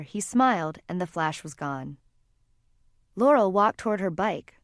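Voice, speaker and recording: A woman narrating a fantasy audiobook in a calm, even storytelling manner. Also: lowish voice, dry recording, studio quality. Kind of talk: scripted narration.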